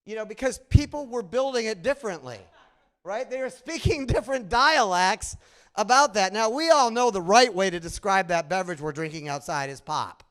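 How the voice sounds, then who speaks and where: A middle-aged man with a nasal Midwestern accent gives an animated conference talk, telling stories and asking the audience questions. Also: high-pitched, normal speed. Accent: Midwestern American. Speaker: conference presenter. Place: conference room.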